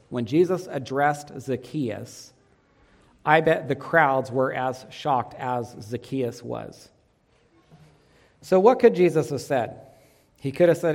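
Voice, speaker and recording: A middle-aged man preaching a sermon in a conversational way, asking the listeners rhetorical questions and changing his pace often. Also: mid-range voice. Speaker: pastor. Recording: long hall reverb.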